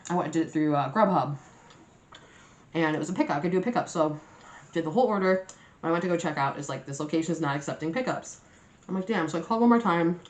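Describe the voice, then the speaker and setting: A young woman with a fairly low voice, telling a story to her viewers in a chatty, animated way and cursing freely. The room has a noticeable echo, like bare walls around her. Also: fast talker, long pauses. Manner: chatty and animated, swears freely, laughs often. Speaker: mukbang vlogger. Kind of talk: casual storytime chat to camera. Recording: roomy echoey room.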